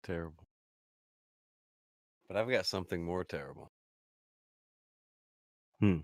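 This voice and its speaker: A man's voice: sits low, animated, unhurried, a little mellow, no echo, clean studio sound. A man hosting a casual stream show, chatting and reading viewer comments aloud. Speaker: host.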